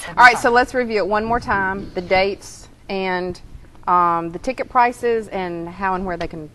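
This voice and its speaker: A woman's voice: medium pitch, a little slow, bright, forceful tone, poor audio. Chatty woman host, joking. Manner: chatty, joking, drawling y'all. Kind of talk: casual interview.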